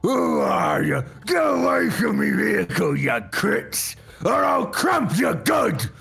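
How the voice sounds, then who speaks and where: A man putting on a loud, menacing orc with a gravelly Cockney growl. He drags each threat out, pitched well above his own voice, and bellows over faint background music. It sounds like a brute from a fantasy game. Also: huge pitch swings, heavily acted. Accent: put-on Cockney. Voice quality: growling, jaw jutted forward. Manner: shouted, drawn-out threats.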